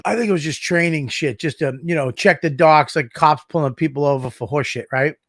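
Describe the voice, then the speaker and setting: Profane animated podcast co-host man. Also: on the high side, fairly quick, no echo, clean studio sound. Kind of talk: casual podcast banter.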